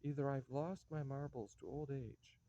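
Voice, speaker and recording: A man's voice: mid-range voice, normal speed, mellow, natural voice. An actor playing an aging father who pleads with his daughter and blusters when he cannot follow events, in a stage play reading. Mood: flustered. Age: older. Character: weary aging father, fond but exasperated. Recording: dull lo-fi recording.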